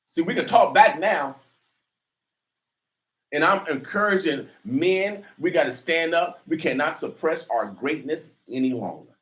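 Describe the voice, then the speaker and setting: A man hosting a talk radio show, preaching defiantly and rising to near shouts. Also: fairly high pitch, animated, a little slow. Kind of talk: fiery talk radio commentary.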